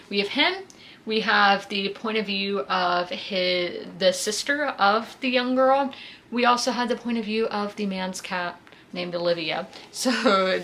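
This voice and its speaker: A woman's voice: mid-range voice, gravelly, a bit bright, slight background noise. A woman in her twenties from South Carolina, chatting casually about her weekly reading with plenty of fillers. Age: 20s. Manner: chatty, frequent fillers like "you know" and "um". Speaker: book vlogger. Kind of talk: casual chat.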